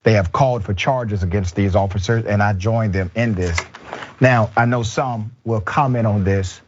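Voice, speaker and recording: A man's voice: lowish voice, breathy edge, highs cut off. A man hosting a news commentary show, speaking earnestly and with indignation.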